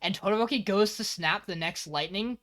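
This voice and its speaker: A man with a forceful, bright voice recaps an anime episode on a streamed podcast. He tells the story animatedly, swears often, and keeps it casual. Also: sits high, fairly quick. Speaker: podcast co-host.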